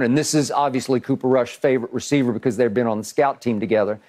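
A man's voice: medium pitch, fast, hardly any pauses. A man hosting a sports debate show, recounting plays emphatically with frequent restarts. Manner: animated, restarts often, emphatic play-by-play recounting.

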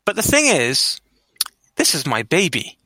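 Unhurried and animated, this middle-aged business owner narrates stories during an interview, voicing the quoted dialogue with a rising pitch. The recording is low quality, with no room sound.

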